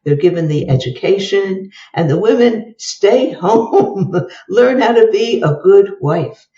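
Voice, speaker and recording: Older woman with a dark, roomy voice. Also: medium pitch, takes it slowly, far from the mic. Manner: lively storyteller who acts out the dialogue. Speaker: guest psychologist. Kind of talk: telling case stories in an interview. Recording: roomy, dull sound from away from the mic.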